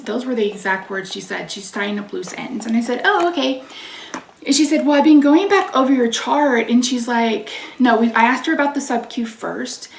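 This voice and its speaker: In a reverberant space with a distant mic, a woman with a fairly high pitch hosts her own channel. She's venting about a phone call that frustrated her, swearing as she chats casually and reads viewers' names aloud between sentences.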